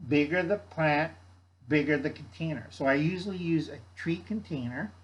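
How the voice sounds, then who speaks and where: A man's voice: on the high side, a bit bright, slightly rough, lo-fi sound. An older man hosting a gardening channel, giving blunt, folksy advice in a rambling casual chat and scolding his viewers. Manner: blunt, scolding, folksy, refers to himself in third person.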